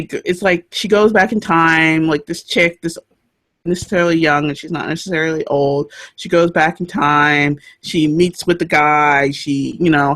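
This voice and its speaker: A woman co-hosting a book show in casual chat, chatty and laughing often, trailing off mid-sentence. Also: sits low.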